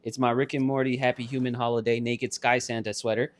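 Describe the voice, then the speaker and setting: A man's voice: mid-range voice, a little fast. A young man co-hosting a podcast with his sister, telling a story casually and swearing a lot. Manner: profane, animated storytelling. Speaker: podcast co-host.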